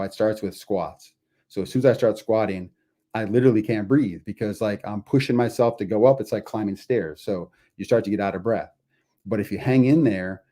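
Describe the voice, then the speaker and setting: A middle-aged man with a fairly low, mellow voice talks the listener through a lesson. He keeps it conversational, tossing out questions and acting out the voices in people's heads. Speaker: podcast host. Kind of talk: explaining a lesson.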